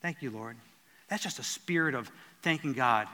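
A man's voice: mid-range voice, brisk, sharp tone, in a large hall. A man preaching a sermon in an earnest teaching tone, stumbling and restarting as he explains the verses.

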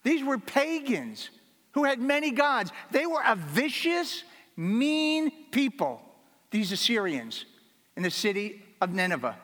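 A man with a notably high voice delivers a sermon from the pulpit. He speaks earnestly and repeats his key lines for emphasis. His voice carries a long reverb, as if filling a large church hall. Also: sing-song, a little slow, fairly bright tone. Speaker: pastor.

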